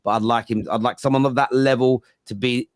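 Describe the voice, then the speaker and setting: A man's voice: medium pitch, steady tone, a little fast, no echo, studio quality. A man in his late thirties with a London accent, hosting a casual football fan podcast, joking around and reading out viewer comments. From England. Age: 30s. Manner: jokey, banters and reads out viewer comments. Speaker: podcast host.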